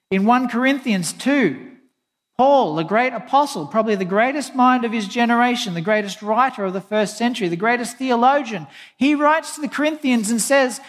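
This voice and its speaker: A man with a high-pitched voice delivers an earnest sermon, mixing scripture quotes with a plain personal story. His voice carries a long reverb, as if he is in a large hall. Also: fairly bright tone. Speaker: pastor.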